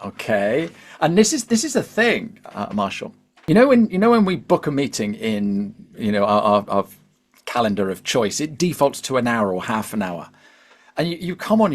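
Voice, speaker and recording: Man, West Country accent, podcast guest, chatty and upbeat, casual interview talk. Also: medium pitch. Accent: West Country English. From Devon, England. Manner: chatty and upbeat, talks in quick bursts.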